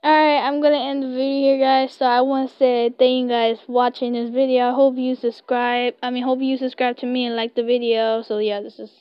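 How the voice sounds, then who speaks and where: A young woman reading a web story aloud in slow, halting English, recorded on a close, dry home mic. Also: high voice, level tone, clean tone, no echo, lo-fi sound. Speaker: story reader.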